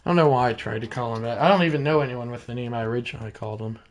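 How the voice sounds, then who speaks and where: A man doing play-by-play for a baseball video game, chatting and correcting himself between plays and shouting on big hits. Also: mid-range voice, racing, a little hiss or hum. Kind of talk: play-by-play commentary with rambling asides.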